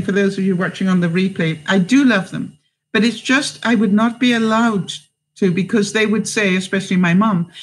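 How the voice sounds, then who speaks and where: A woman vlogger chats through a live stream, reading viewers' comments aloud and answering with warm encouragement. Her talk wanders, full of ums and restarted phrases, as she gives advice off the cuff. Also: medium pitch, rough recording. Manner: rambling with many fillers and restarts. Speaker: vlogger and host.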